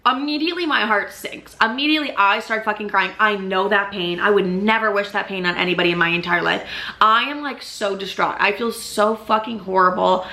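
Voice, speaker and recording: Bright-voiced young woman, chatty and emphatic. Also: mid-range voice, a little fast. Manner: emphatic and chatty, heavy swearing and constant "like" fillers. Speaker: YouTube vlogger. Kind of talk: casual storytelling to camera.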